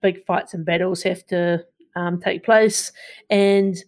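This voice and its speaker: A woman's voice: fairly low pitch, little pitch movement, takes it slowly, a little mellow. A woman co-hosting a podcast, sharing film news in a casual, hesitant way with many restarts. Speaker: podcast co-host. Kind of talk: casual pop-culture news chat.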